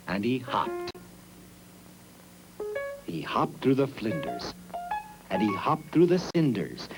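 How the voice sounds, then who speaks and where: Man, storyteller, sing-song rhythmic narration, slow, lively pitch, music underneath. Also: poor audio. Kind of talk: scripted children's story narration.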